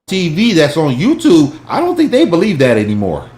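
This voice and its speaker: Animated, profane man in an echoey room. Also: fairly high pitch, moderate pace, soft background music. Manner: animated, profane, swings from loud to hushed. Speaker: stock talk show host. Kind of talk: heated casual stock chat.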